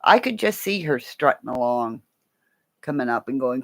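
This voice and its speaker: A woman's voice: rumbling low, lively intonation, normal speed. A middle-aged woman hosting a casual livestream, chatty and playful, laughing often. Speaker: livestream host.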